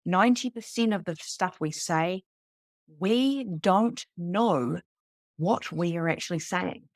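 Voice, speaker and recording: A New woman in her thirties telling a personal story to a live group, animated and casual, swearing freely. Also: fairly low pitch, slow, no room sound, clean studio sound. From New Zealand. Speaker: psychic medium teaching beginners.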